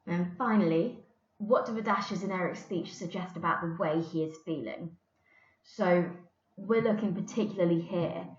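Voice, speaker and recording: A woman's voice: on the low side, moderate pace. A woman English teacher giving a recorded lesson, explaining patiently with the odd filler. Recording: roomy, dull lo-fi recording.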